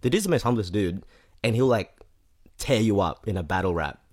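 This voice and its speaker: A man's voice: on the low side, lively intonation, a little fast. A man talks casually on a podcast. He rambles, restarts his sentences and fills the gaps with "um" and "like". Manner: rambling, self-correcting, with lots of fillers. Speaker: podcast guest, rapper. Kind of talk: casual chat.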